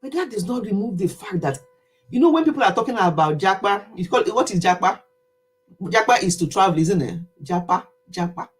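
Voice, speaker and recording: A woman's voice: mid-range voice, expressive, a little fast, breathy edge. A Nigerian woman in her fifties, chatting animatedly to camera in a casual vlog monologue and laughing easily. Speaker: vlogger.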